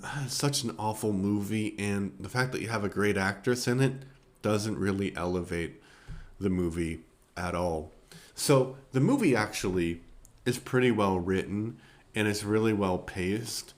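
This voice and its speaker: A man hosting a film review show in a casual, rambling way, with many fillers and sarcastic asides. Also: on the low side. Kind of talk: casual spoken movie review.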